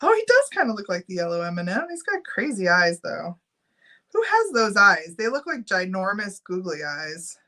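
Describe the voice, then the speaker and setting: A woman's voice: mid-range voice, huge pitch swings, normal speed, bright, forceful tone. A middle-aged woman chatting casually on a live stream, giggling often and reading out viewer names while she runs a giveaway.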